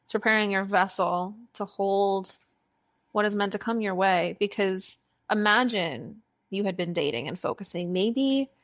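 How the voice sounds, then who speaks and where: Young woman, podcast host, mid-pitched voice, encouraging, reflective, conversational. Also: a little slow, fairly bright tone. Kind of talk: conversational interview.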